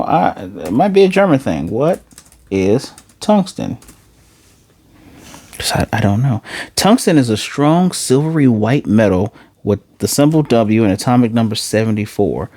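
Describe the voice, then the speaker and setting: A man recapping an anime episode in a loose, excited way, jumping into quick voices for the characters and throwing in slang. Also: medium pitch, no echo. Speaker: anime reviewer.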